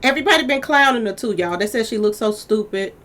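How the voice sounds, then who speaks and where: Speaking quickly in a slightly high voice, this commentary channel host dishes on celebrity gossip in a casual, animated way. She talks straight to the camera and keeps calling her audience "y'all."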